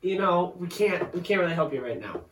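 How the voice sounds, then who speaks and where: A man in casual chat, telling an animated story about work, acting out quotes and laughing often. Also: high-pitched, a little fast. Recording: roomy echo, far from the mic, faint noise.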